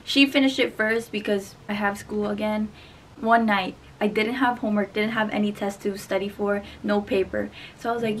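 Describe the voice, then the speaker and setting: A woman's voice: mid-range voice, fairly even intonation, moderate pace. A young woman chatting casually in a vlog, gushing and talking to viewers like friends. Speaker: vlogger. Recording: camera mic from a distance, noisy.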